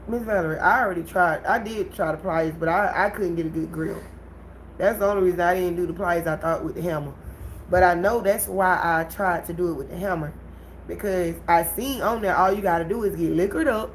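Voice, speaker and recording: A woman hosts a casual livestream and tells her story right to her viewers. She is animated and laughs often, and her voice sits at a middle pitch. There is a faint hiss of noise behind her. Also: rough recording. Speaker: livestream host.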